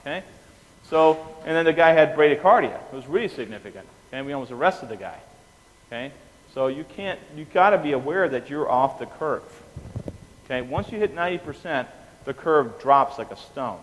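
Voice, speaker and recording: A man giving an anesthesia lecture, animated, quizzing the class and often checking in with "okay?". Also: fairly high pitch, moderate pace. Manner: animated, asks the class questions, keeps saying "okay?". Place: lecture room. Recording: reverberant hall with faint noise.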